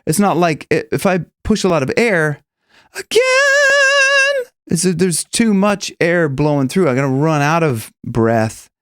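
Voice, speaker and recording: A man's voice: moderate pace, hardly any pauses, clear, resonant tone, no echo. Casual male vocal coach, dry close sound. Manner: casual, rambling explanations with sung high examples. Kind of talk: singing lesson with demonstrations.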